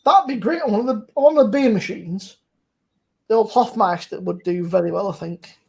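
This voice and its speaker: Husky, sweary woman chatting over beers. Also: medium pitch, brisk, darkish tone. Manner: sweary, laughing, rambling. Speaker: host. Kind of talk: casual chat over beers.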